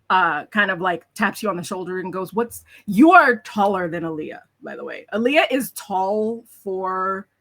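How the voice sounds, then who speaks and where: A woman steers a tabletop role-play session as its game master. She narrates in a chatty, rambling way, full of "like" and "uh", at an everyday pitch. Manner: lively storytelling with many fillers.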